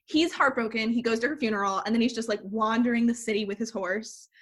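A woman's voice: on the high side, fast. A woman co-hosting a podcast, chatting casually and retelling a film's plot with lots of "like". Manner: animated storyteller, heavy use of "like". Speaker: podcast co-host.

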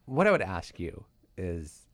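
A man's voice: low-pitched, big pitch swings, measured pace. A man hosting a podcast, asking his guest question after question in a casual chat. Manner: curious, asks lots of questions. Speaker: podcast host.

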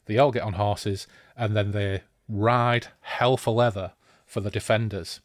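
A man's voice: on the low side, steady tone, a little slow, no room sound, clean studio sound. A man hosting a casual podcast discussion of a fantasy novel, who talks enthusiastically and thinks aloud.

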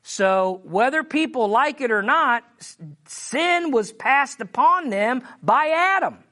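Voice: sits high, expressive, sharp tone. A preacher teaching from the Bible in a sermon, reading scripture with emphasis and often checking in with "Amen?" and "All right?". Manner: reads scripture slowly, with emphasis.

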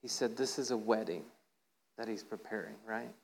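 In a low-quality recording, a man with a creaky, slightly mellow voice preaches at a moderate pace. His informal sermon centers on a playful story with voices acted out at rising pitch, and he keeps asking "right?"

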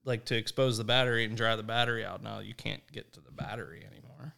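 A man's voice: lowish voice, steady tone, fast talker, creaky, pushed and bright. A man in a casual podcast chat, telling laid-back, profane stories. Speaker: podcast co-host.

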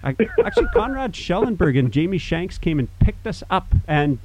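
A man's voice: high voice, moderate pace, a little hiss or hum. A man in his fifties, from Manitoba, Canada, telling a rambling casual story among old friends. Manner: rambling, animated, restarts. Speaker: podcast host.

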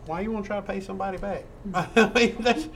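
Guy co-hosting a chat, laughs a lot, bit high voice, faint hiss behind. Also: fast talker, gravelly, a bit bright. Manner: laughs often, chatty, rambling. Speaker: podcast co-host. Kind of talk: casual chat. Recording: faint background noise.

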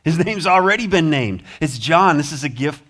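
A man's voice: a little high, animated, moderate pace, a bit bright. A man preaching a sermon as pastor, earnest, with rising emphasis, American accent. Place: church sanctuary.

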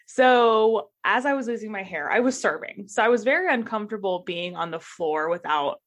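A woman's voice: medium pitch, lively intonation, moderate pace. A woman casually telling a funny work story on a podcast, laughing often as she talks.

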